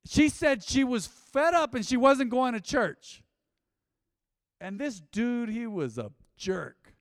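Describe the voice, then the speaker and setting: Casting: male preacher in his fifties, high voice, chatty call-and-response sermon, close dry mic with a long hall tail. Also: animated, slow pace. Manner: call-and-response, conversational, asks congregation to repeat. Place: church sanctuary.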